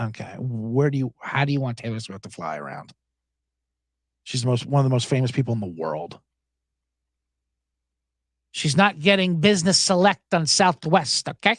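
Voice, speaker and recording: A man's voice: sits high, a bit bright, no room sound, clean studio sound. A man hosting a sports betting show, chatting casually in a rambling, sarcastic way with frequent swearing. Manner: rambling, profane, sarcastic asides. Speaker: sports betting podcast host. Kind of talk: casual solo chat.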